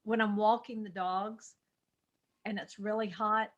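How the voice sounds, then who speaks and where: Woman, spiritual talk co-host, chatty and light, quick asides. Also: mid-range voice, flat delivery, highs cut off. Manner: chatty, quick asides, laughing, repeated "I mean". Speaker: podcast co-host. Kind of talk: spiritual conversation.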